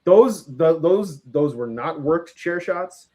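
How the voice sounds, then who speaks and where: Male co-host, lively scene recap, somewhat higher pitch, casual review chat. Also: slow pace. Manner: animated retelling of scenes, laughing, acting out quotes.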